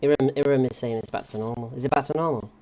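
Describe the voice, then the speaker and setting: A man hosting a live online discussion stream, talking in a relaxed, hesitant way with many fillers. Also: mid-range voice, very fast. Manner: easygoing, hesitant, lots of fillers. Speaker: host. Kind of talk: casual live-stream chat.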